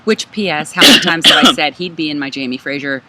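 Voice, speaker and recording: A woman in her thirties co-hosts a podcast, chatting casually and playfully with frequent laughter. Her low voice is expressive and fast, set against a noisy background.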